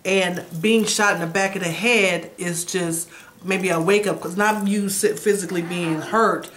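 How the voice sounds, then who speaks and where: Middle-aged mom type host, lowish voice, calm, explains dreams in a chatty way. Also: female voice, unhurried. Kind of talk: casual chat interpreting dreams.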